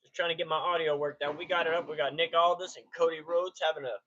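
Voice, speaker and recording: Bright lo-fi male streamer. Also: fairly high pitch, flat delivery, quick pace. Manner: laid-back, greets chatters by name. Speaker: live stream host. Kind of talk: casual live reaction stream. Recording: dull lo-fi stream audio.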